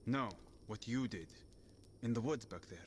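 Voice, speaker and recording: Actor as a curt male companion for a game; animated delivery, mid pitch. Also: moderate pace, a little hiss or hum, close to an everyday voice. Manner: curt and impatient. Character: blunt young male travel companion.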